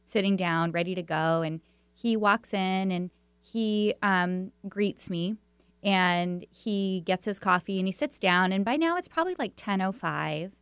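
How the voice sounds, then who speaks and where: A woman's voice: mid-range voice, measured pace, smooth, no room sound. Woman hosting a radio talk show. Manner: warm storytelling with many fillers and restarts. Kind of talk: conversational radio interview.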